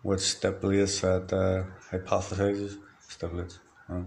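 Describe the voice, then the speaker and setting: A man from Ireland speaks in a low, monotone voice, rambling through a diary-style monologue. He free-associates, sliding from one word to the next in a flat, matter-of-fact delivery. A faint hum of noise sits behind him. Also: unhurried, creaky. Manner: free-associating, drifts between words. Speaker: diarist.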